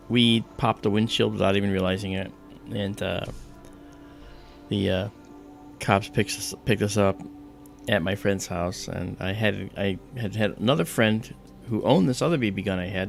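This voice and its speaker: A man with a low, gravelly voice chats casually on a livestream. He is an animated storyteller who acts out the people in his story with quick voices. Faint music plays underneath. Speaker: livestream host.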